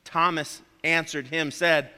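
A man's voice: a little high, fairly even intonation, slow pace, pushed and bright, clear, resonant tone, big-room sound. A man preaching a sermon, emphatic, repeating his key phrases and calling his listeners friends.

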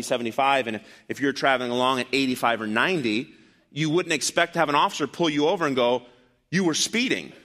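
A man preaching a sermon to his congregation, animated and emphatic, with loud bursts and quiet asides. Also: on the high side. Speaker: pastor. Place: church.

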